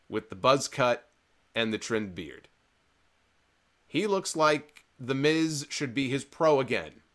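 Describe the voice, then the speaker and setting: A man's voice: a little high, fairly bright tone. Opinionated man recapping wrestling. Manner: opinionated, sarcastic, rambling. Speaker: wrestling show host. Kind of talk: live-streamed wrestling recap and commentary.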